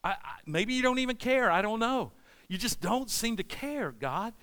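A middle-aged man preaching a sermon as pastor, animated and voicing anguished prayers to God. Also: very high-pitched, normal speed, clear, resonant tone.

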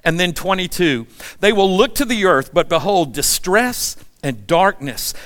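A man in his sixties preaching a sermon in a relaxed, conversational storytelling way, often asking the congregation questions. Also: sits high, a little slow. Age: 60s. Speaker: pastor.

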